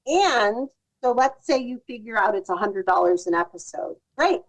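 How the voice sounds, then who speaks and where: A woman's voice: fairly high pitch, animated, moderate pace, poor audio. A woman, a podcast guest, giving thoughtful advice in casual conversation. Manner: thoughtful, restarts sentences.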